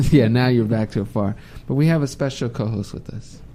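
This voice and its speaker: A man hosting a live talk radio show in a studio, relaxed and teasing, laughing easily. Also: mid-range voice, moderate pace, slight background noise. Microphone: studio mic.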